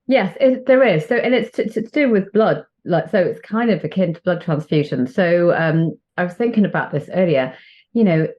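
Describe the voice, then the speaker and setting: A woman from the UK, a doctor chatting as an interview guest with lots of fillers and restarts. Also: moderate pace. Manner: chatty, many fillers and restarts, lively pitch jumps. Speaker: guest, HIV and sexual health doctor. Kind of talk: casual interview chat. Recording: muffled lo-fi audio.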